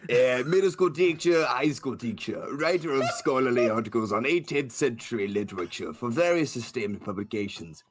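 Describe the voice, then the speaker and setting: Man doing a gruff weary teacher. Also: mid-range voice, expressive, normal speed, few pauses, noisy background, close to an everyday voice. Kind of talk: comic dub reading.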